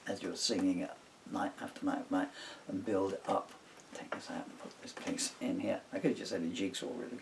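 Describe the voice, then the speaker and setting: Older male songwriter, low and gravelly, meandering self-interrupting chat, distant mic with faint hiss. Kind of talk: casual rambling talk while writing a song. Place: home recording studio.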